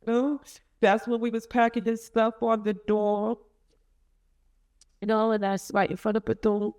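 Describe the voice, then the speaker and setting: A middle-aged woman in an interview, recounting a painful family story in a halting, emotional way with many restarts. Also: fairly high pitch, flat delivery, darkish tone. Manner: emotional, rising and falling with feeling. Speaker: interviewee, mother of a convicted son. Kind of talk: emotional personal account in an interview.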